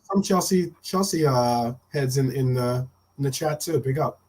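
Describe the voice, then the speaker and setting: A man chiming in quietly as a co-host in a casual live-stream chat, speaking softly. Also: mid-range voice, moderate pace. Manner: soft, quieter backing remarks.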